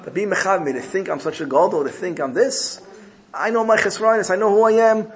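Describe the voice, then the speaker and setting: A humble elderly rabbi pleads in a lifted, strained voice, a gravelly rasp running through it, as a man puts him on in a sermon. He reproaches himself over and over. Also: high-pitched, a little fast, voice pushed up. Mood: distressed, pleading.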